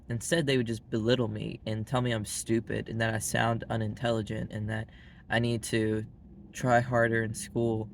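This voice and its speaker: Flat-voiced Southern man, blunt and rambly. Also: fairly low pitch, normal speed, vocal fry, slight background noise. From Arkansas, US. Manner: blunt and frank, heavy use of "like" fillers. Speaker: vlogger. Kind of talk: casual monologue to camera.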